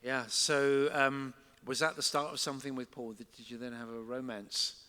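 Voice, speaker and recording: Male stage interviewer, bright, forceful tone, long hall reverb. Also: mid-range voice, level tone, normal speed, smooth. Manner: brief prompts and questions. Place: club stage before an audience.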